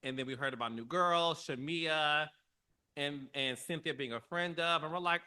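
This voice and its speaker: A middle-aged man hosting a podcast, giving casual, emotional commentary with dramatic pitch swings. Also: normal speed, sharp tone, smooth. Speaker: podcast host.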